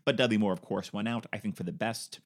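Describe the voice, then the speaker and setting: A man's voice: lowish voice, fast talker. A man co-hosting a podcast, chatting enthusiastically about film casting and jumping between ideas. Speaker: podcast co-host.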